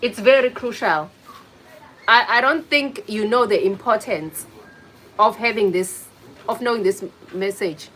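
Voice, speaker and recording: A woman's voice: mid-range voice, unhurried, a bit bright, slight background noise, low-quality recording. A woman hosting a casual livestream, chatting with viewers, greeting them by name and teasing them. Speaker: livestream host. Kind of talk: casual live chat with viewers.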